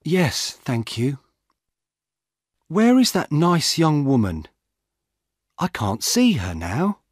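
Man doing an old woman, fretful, raised husky voice, slow storybook reading. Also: on the high side, huge pitch swings, dry recording, studio quality, voice pushed up, heavily acted. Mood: worried. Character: old woman, flustered robbery victim.

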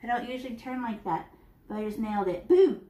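A middle-aged woman leads a painting lesson for kids in a somewhat high, bouncy voice. She talks her way through every stroke in a chatty, playful way. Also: quick pace, a little mellow. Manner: chatty and playful, narrating each brushstroke. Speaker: art teacher. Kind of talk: live art lesson to children.

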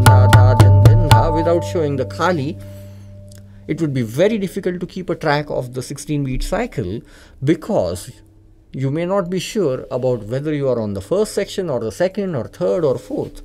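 Calm Indian man teaching tabla. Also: a little high. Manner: calm, methodical, repeats key points. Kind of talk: instructional explanation. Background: tabla playing.

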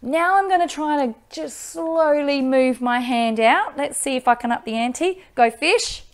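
An upbeat woman, teaching dog training and giving loud bursts of praise into a microphone. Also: high-pitched, measured pace. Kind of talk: instructional video with live dog training.

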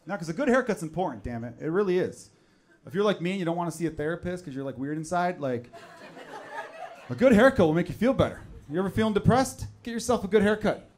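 Man doing a loud, lively stand-up set. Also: sits high, fast. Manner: conversational, jumps into loud exaggerated voices for characters. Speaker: stand-up comedian. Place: comedy club stage with laughing audience.

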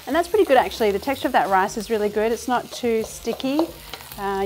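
A woman's voice: mid-range voice, darkish tone. A woman in her thirties hosting a cooking show from her home kitchen. She talks casually and enthusiastically through the recipe and laughs often.

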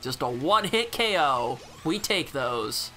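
A man's voice: mid-range voice, big pitch swings, unhurried, pushed and bright, faint music behind. A man giving casual, sarcastic gameplay commentary, swearing freely. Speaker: gameplay channel host.

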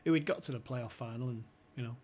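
A man's voice: mid-range voice, quick pace, a little mellow, slight background noise. A man telling stories casually, swearing and laughing as he goes. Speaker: podcast guest, former club insider. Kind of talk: casual storytelling chat.

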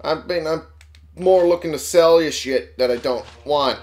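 A man's voice: fairly high pitch, normal speed, a little mellow. A man giving casual let's play commentary, sarcastic and swearing as he talks back to game characters. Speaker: gamer playing on a channel.

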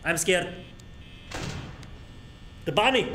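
High, lively man yelling through horror game. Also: extremely slow, slight background noise. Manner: crude, panicky, yelping and swearing at scares. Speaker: streamer. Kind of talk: horror game reaction stream.

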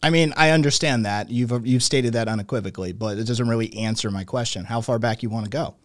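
A man in his late thirties hosts a conversation. He speaks at a medium pitch in long, winding sentences full of fillers. His voice sounds dry and close to the mic. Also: fast talker, no room sound. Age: late 30s. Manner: talkative, wordy, many fillers and restarts. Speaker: podcast host. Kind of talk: conversational interview.

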